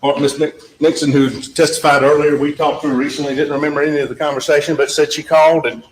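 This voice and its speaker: A man's voice: fairly high pitch, little pitch movement, fast. A male trial attorney gives a closing argument in a courtroom, repeating points emphatically and talking straight to the jurors. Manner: emphatic, repetitive, talks directly to jurors, acts out witness exchanges. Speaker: trial attorney addressing a jury. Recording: echoey courtroom audio with faint background noise.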